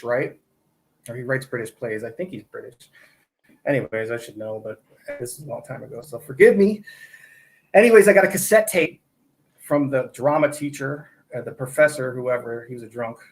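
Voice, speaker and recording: A man's voice: mid-range voice, vocal fry. A middle-aged man from Michigan, a guest on a podcast, telling rambling stories in casual chat with lots of fillers and restarts.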